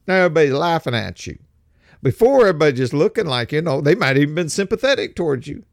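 A man, from America, giving a casual commentary monologue, halting and restarting phrases as he goes. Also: fairly high pitch, lively intonation, vocal fry, no echo, studio quality. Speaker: political commentator.

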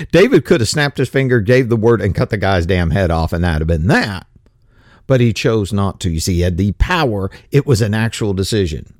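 A man's voice: mid-range voice, no room sound, studio quality. A man giving casual Bible commentary in a folksy, colloquial way with frequent restarts. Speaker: Bible teacher.

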